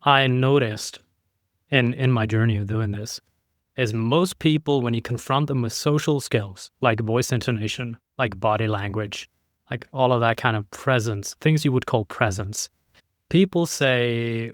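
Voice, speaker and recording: A man talking as a podcast guest in a relaxed, conversational way, acting out his points by shifting his voice up and down. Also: mid-range voice, measured pace, no echo, studio quality. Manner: animated, demonstrates inflection by playing with his voice. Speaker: podcast guest, keynote speaker.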